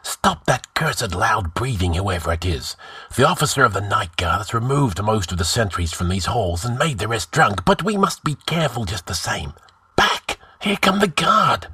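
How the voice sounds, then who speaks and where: A man's voice: on the low side, animated, unhurried, fairly bright tone, slightly rough, no echo, studio quality, heavily acted. A man voicing a scheming male outlaw who leads a band of conspirators, giving hissed, urgent commands. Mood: urgent hissing.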